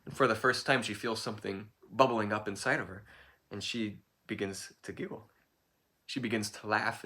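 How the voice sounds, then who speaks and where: A man telling a folk tale in an informal, improvised way, relaxed and correcting himself as he goes. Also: mid-range voice. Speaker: storyteller.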